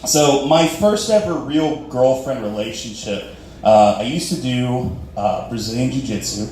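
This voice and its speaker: A man's voice: lively intonation, a little slow, darkish tone, a little hiss or hum. A young man performing a self-deprecating stand-up comedy set on a club stage. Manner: self-deprecating, acts out dialogue in high squeaky voices. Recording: roomy club audio from far off.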